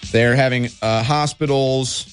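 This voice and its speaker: A man's voice: medium pitch, fairly even intonation, faint music behind. Sarcastic male talk radio host. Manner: sarcastic, mocking, dramatic pauses. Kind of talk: talk radio monologue and call-in.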